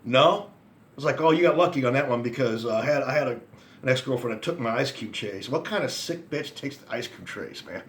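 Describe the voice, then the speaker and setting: A man's voice: mid-range voice, expressive, fairly quick. A man in his forties telling rambling, profane stories about his friends and past, laughing at his own anecdotes. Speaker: vlogger. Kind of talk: casual storytelling rant.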